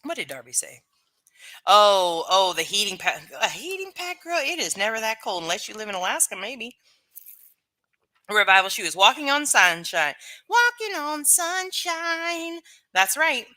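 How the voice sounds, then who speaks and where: A woman's voice: mid-range voice, sing-song, normal speed, pushed and bright. A woman chatting casually on a live stream, reading and answering viewer comments with plenty of fillers.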